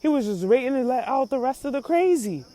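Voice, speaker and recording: A woman hosting a podcast, giving casual commentary in a slangy, laughing, animated way. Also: sits high, a little fast, slight background noise. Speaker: podcast host.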